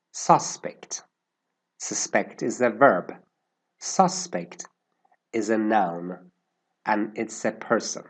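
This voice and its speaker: A man teaching an English lesson, explaining word use slowly and carefully and stressing how words sound. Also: lowish voice, breathy edge.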